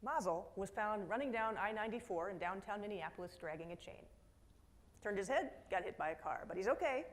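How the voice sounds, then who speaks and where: Woman giving a lively keynote talk. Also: mid-range voice, a little fast. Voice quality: lively storytelling with acted quotes and asides. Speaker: keynote speaker. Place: conference hall.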